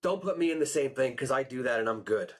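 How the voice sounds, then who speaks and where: A podcast host chats casually, telling stories as an animated storyteller who acts out quotes with gusto. He talks fast in a mid-range voice.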